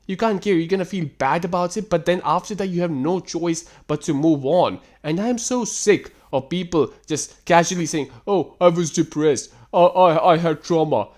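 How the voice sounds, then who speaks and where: A man hosting a reaction commentary, ranting in an exasperated, sarcastic and profane way. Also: fairly high pitch. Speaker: host reacting to text screenshots.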